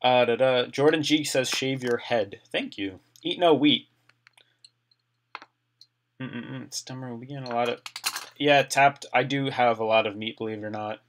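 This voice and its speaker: A man's voice: medium pitch, moderate pace, a little hiss or hum. A man hosting a casual live stream, reading viewer comments aloud and answering them in a chatty way, his voice getting dry from talking so long.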